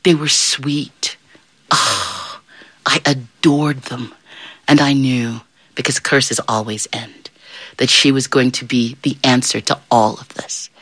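Bright, animated woman storyteller. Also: extremely low pitch, takes it slowly, husky, no echo. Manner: animated, swooping voice and playful asides. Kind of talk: first-person storytelling as a fairy godmother.

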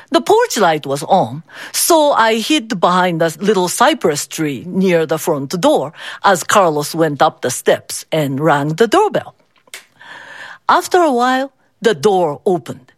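A woman telling a personal story in an unhurried, expressive way, acting out the characters. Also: medium pitch, no room sound, studio quality.

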